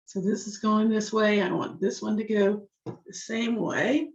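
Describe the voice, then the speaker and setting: A slightly hoarse woman teaching a jewelry-making craft step by step, chatting to herself as she works. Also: mid-range voice, measured pace. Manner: chatty, talks to herself while working. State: slightly hoarse, losing her voice. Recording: echoey room, dull lo-fi sound.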